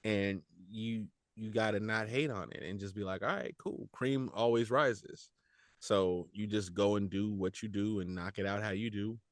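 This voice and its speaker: A man who works as a voice actor, talking casually in a podcast interview, animated and slangy, laughing often and repeating words as he goes. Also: on the low side, moderate pace, few pauses, no room sound, studio quality. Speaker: voice actor guest.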